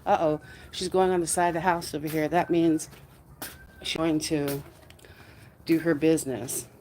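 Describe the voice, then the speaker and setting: A woman chatting casually on a live stream from her yard at night, talking to viewers and cooing at her dog in a high sing-song voice on a phone mic. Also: fairly even intonation, moderate pace, warm tone, a little hiss or hum.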